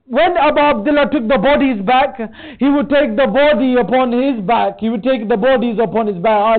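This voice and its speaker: Male preacher, very high pitch, tearful lamenting delivery, tinny lo-fi recording. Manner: recites in a rising lament, voice breaking toward tears. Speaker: speaker at a mourning gathering. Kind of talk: emotional sermon narration. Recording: tinny phone-like sound.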